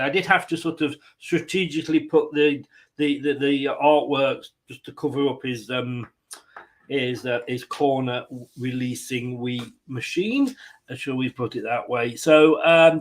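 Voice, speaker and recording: A man's voice: a little high, a bit bright. A man hosting a fan live stream, chatting casually and rambling with jokey asides. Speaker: fan channel host.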